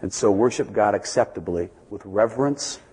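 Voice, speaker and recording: A man preaching a sermon as a pastor, telling stories and building to loud, emphatic peaks before dropping back to quiet asides. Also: lowish voice, moderate pace, slightly rough. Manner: storytelling, swings from soft asides to loud emphatic climbs. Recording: long reverb of a large hall.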